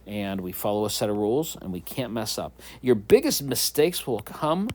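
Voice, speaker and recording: A man's voice: medium pitch, darkish tone. A man teaching a whiteboard math lesson, in a playful, jokey voice that talks to the students like kids.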